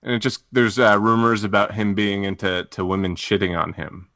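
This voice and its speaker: A man co-hosting a comedy stream, chatting casually and rambling through halting explanations. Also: fairly low pitch, flat delivery, fairly bright tone. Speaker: comedy show co-host. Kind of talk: casual chat.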